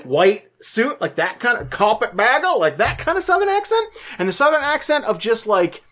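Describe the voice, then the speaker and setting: A woman co-hosting a casual podcast chat, rambling through animated stories with lots of fillers and the odd swear word. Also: a little high, normal speed. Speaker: podcast co-host.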